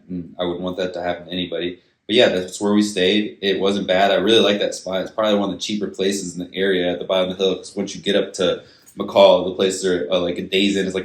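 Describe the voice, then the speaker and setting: Laid-back deep-voiced man chatting. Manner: laid-back, swearing, filler-heavy. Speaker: musician and co-host. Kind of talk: casual chat. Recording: echoey room.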